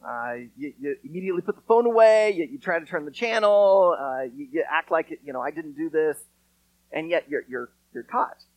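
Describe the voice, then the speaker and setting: A man preaches a sermon as pastor, speaking to his congregation in an earnest, conversational way with touches of dry sarcasm. His voice is a little high with lively intonation at normal speed, with no room sound but poor audio.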